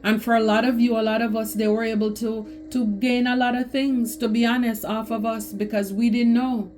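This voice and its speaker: Woman tarot reader, emphatic and preachy, mellow higher voice, soft music behind. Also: little pitch movement, normal speed. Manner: emphatic, preachy, repeats phrases for stress. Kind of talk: spiritual tarot reading to camera.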